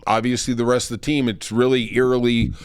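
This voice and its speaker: A man's voice: mid-range voice, level tone, a little fast, smooth, dry recording, studio quality. A middle-aged man hosting a podcast, telling rambling, self-deprecating sports-betting stories and laughing at himself. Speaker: podcast host. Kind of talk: casual sports-betting storytelling.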